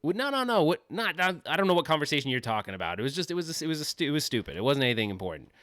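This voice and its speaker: A male livestream host chatting casually from his home office, rambling, joking and laughing at himself. His pitch swings around a lot as he talks. The sound is dry, with no room echo. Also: sing-song, very fast, a bit bright. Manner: rambling, joking, self-deprecating, often laughing.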